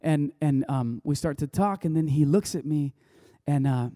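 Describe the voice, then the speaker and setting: A man's voice: fairly high pitch, normal speed, warm tone, no room sound, clean studio sound. A man preaching a sermon, telling a personal story in a loose, conversational way with many restarts. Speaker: pastor.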